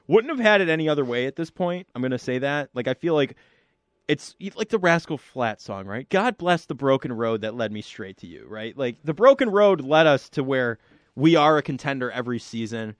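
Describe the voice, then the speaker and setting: A man co-hosting a casual sports talk show in a studio. He laughs easily and gives animated opinions. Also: medium pitch, brisk, clean tone, no room sound. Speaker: sports radio co-host. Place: radio studio.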